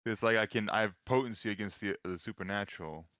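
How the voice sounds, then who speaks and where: A man with a very deep voice plays at a tabletop game, hesitating and trailing off as he thinks aloud. His mic sounds dull and lo-fi. The recording is dry. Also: fast, pushed and bright, dry recording. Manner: hesitant, trailing off mid-sentence. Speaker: player. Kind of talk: casual chat at a game table.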